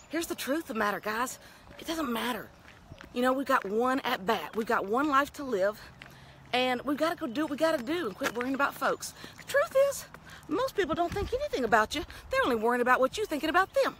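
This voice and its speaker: A middle-aged woman with a Texan accent talks into a handheld phone as she walks outdoors. Her fairly high voice rises and falls with lots of life. Her delivery is chatty and folksy, with a faint hiss behind it. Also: very animated, a little fast, fairly bright tone. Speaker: vlogger. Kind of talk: casual talking-head vlog. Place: outdoors on a town street, walking.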